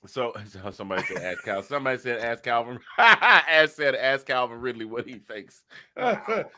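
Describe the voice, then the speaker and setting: Bright-voiced man talking football. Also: medium pitch, sing-song, a little slow. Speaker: football podcast co-host. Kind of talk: casual sports chat.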